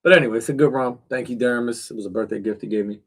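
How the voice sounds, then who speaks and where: A middle-aged man hosts a casual livestream from a chilly backyard shed, speaking directly to his viewers and sprinkling in slang and filler words. His voice sits at a medium pitch and the words come out rapid-fire.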